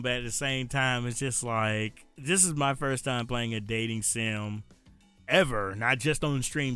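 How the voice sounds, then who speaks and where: Man, country accent, casual stream chatter, smooth clear voice, faint music behind. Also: mid-range voice, sharp tone. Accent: rural American country accent. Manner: rambling, frequent "uh" pauses, easy laughs. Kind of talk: casual gameplay stream commentary.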